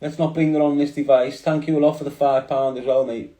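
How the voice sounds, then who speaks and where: Fairly high-pitched and mellow, this Liverpool man talks a little fast with little pitch movement as he hosts a casual phone livestream. He rambles in street slang straight to his viewers, his voice echoing around the room.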